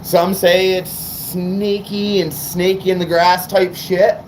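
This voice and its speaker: A fired-up man from New England rambles and swears through a casual livestream chat. His voice sits high for a man. Faint noise hums behind him. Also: little pitch movement, slow, rough recording. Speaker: car audio livestreamer.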